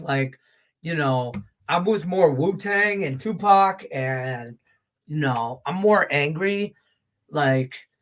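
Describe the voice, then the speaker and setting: A middle-aged man, a sports betting handicapper, talking bluntly and profanely in a rambling, casual way on a picks show. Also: fairly high pitch.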